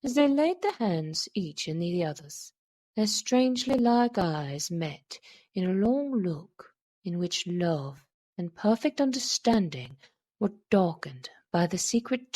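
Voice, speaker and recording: A woman reading a classic horror story aloud, with a measured, dramatic delivery. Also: mid-range voice, dark tone, breathy edge. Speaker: audiobook reader.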